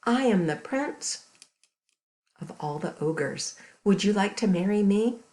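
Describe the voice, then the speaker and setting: A woman's voice: medium pitch, expressive, slow pace, a little mellow. A woman voicing a boastful male ogre prince in a children's story.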